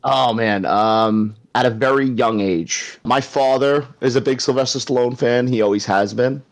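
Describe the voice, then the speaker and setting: A man's voice: mid-range voice, normal speed. Staten Island man chatting on a podcast. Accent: New York (Staten Island). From Staten Island, New York. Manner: laughs often, drops into movie-star impressions. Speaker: guest co-host. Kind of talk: casual podcast chat.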